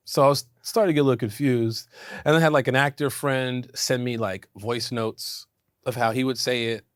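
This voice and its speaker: A man, an actor, chatting in an interview and telling animated stories, laughing often. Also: mid-range voice, normal speed, dry recording, clean studio sound. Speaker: actor guest. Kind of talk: casual interview chat.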